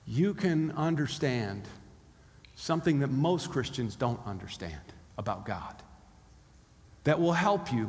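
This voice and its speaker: A man's voice: on the high side, darkish tone. A pastor preaching a sermon in a conversational way, acting out the inner voices of his listeners. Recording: long hall reverb.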